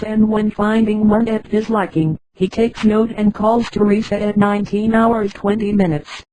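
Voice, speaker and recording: A synthetic woman's voice narrating a story, which reads punctuation names out loud. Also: mid-range voice, no room sound, rough recording.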